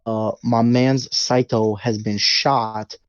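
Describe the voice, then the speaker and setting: A man's voice: medium pitch, flat delivery, slow, no room sound, dull audio. A man co-hosting a podcast, retelling a movie plot casually and animatedly with sound effects. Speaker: podcast co-host.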